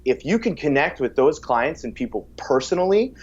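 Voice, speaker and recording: Speaking with energy about coaching, this fitness coach is a guest on a casual podcast. He has a slightly high, breathy voice with big pitch swings and a moderate pace, often repeats words at the start of sentences, and raises his voice to act out quotes. The audio sounds slightly dull.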